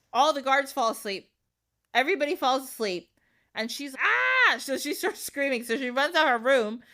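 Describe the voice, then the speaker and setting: A young woman hosting a podcast, retelling a fairy tale in an animated, casual way, swearing freely and acting out the quotes. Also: fairly high pitch. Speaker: podcast host. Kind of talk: casual storytelling.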